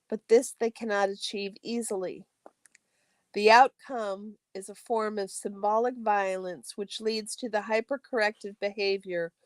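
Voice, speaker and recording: A woman reads a textbook aloud for a study stream. Her delivery is steady and careful, and she sometimes catches and corrects a stumbled word. Her voice sits in a middle pitch and comes across close and dry, with no room sound around it. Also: no room sound. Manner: steady, careful reading with occasional self-corrections.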